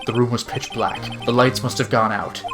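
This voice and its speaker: A man's voice: medium pitch, steady tone, normal speed, over music, natural voice. A man reading the part of a ruthless, proud older male prosecutor in a game, snarling and theatrical. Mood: brooding. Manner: snarling, vengeful, theatrical shouting. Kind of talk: reading game dialogue aloud.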